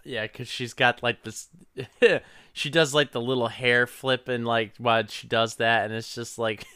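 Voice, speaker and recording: Slow-talking guy with a bright, smooth voice, chill podcast banter, dead dry room. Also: medium pitch, steady tone, no echo. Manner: laid-back, laughs often, crude jokes. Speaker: podcast co-host. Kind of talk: casual movie recap chat.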